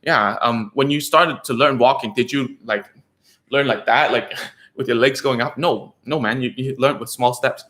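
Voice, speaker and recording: At a moderate pace, a man with a medium, slightly bright voice explains things to parents in a reverberant room. As a speech therapist, he keeps it casual and rambling, leaning on fillers and frequent "okay?" checks.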